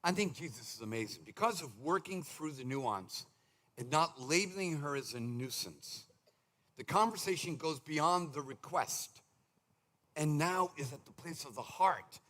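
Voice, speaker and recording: A male pastor preaching a sermon in a conversational, animated way, slipping into quick mimicked asides. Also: on the high side. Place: church sanctuary.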